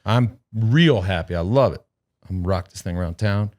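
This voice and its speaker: A man's voice: sits low, normal speed, a little mellow. A man hosting a podcast in casual chat, rambling and joking with plenty of swearing, into a headset mic. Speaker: podcast host.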